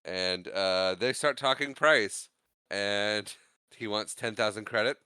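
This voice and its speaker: A man with a mid-pitched, bright, clear voice, casually recapping a film on a podcast. He quotes characters with a laugh in his voice. The sound is dry and close. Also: slow pace, no room sound. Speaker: podcast co-host. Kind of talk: casual movie chat.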